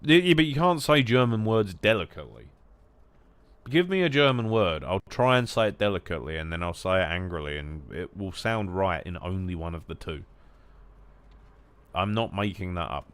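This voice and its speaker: A young English gaming streamer chats casually as he plays, drifting off topic with jokes and swearing. His voice is low yet his pitch leaps around, frequently erupting into loud, shouty mock-German bits.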